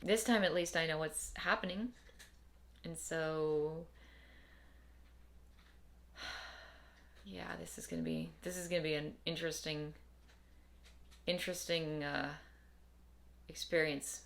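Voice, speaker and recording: A woman's voice: low-pitched, steady tone, takes it slowly, vocal fry, long pauses, a bit bright. A young adult woman talking casually to camera in a rambling, wry, tired way, often repeating herself. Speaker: vlogger. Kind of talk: casual personal vlog.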